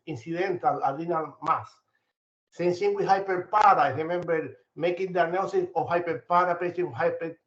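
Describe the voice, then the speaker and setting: An older physician with a Spanish accent gives a long comment, hesitating often with fillers and restarts. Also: male voice, fairly high pitch. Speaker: physician asking a question. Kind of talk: audience comment at grand rounds. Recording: echoey room, muffled lo-fi audio.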